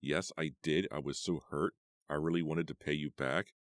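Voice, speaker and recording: A man's voice: a bass voice, fairly even intonation, normal speed, no echo, studio quality. A man voicing a hurt, bitter teenage girl in an audiobook, speaking in a resentful, insistent way. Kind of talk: audiobook character voice.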